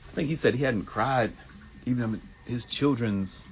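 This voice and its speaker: A man in his thirties hosting a live motivational talk show, animated and laughing, who mimics people in high voices. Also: a little slow, a little hiss or hum. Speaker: host.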